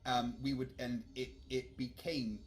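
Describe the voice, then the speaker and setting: A man's voice: mid-range voice, level tone, measured pace. A man in a casual debate who talks hesitantly, checks that he has understood the other side and apologizes often. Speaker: debate participant. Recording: with loud game music behind.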